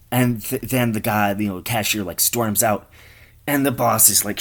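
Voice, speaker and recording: A man's voice: lowish voice, moderate pace. A man telling an improvised comic story in a rambling, profane, offhand way.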